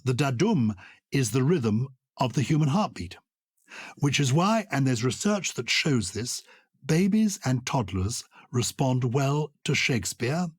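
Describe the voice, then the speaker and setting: An older man co-hosting a podcast, explaining poetry with lively enthusiasm and reciting verse with emphatic rhythm. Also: mid-range voice, slightly rough, dry recording, clean studio sound. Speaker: podcast co-host.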